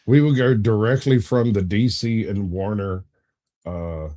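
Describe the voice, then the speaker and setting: A man's voice: lowish voice, unhurried, dark tone. A man co-hosting a podcast in casual chat, joking and teasing with crude humor. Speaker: podcast co-host.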